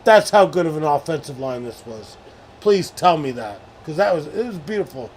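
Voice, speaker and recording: A fairly high-voiced man chatting live on stream at his desk mic, loose and profane, piling on over-the-top sports-style praise. A faint hum of room noise sits under his voice. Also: sing-song, moderate pace. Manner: profane, rambling, hyped praise with mock-sports talk. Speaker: streamer host. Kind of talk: casual live-stream chat.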